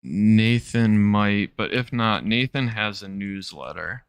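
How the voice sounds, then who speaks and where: A man streams casual commentary in a nasal, smooth, low voice, speaking slowly and dead dry close to the mic. He rambles, breaks off mid-thought and swears freely. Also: no room sound. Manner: rambling, self-interrupting, sprinkled with profanity.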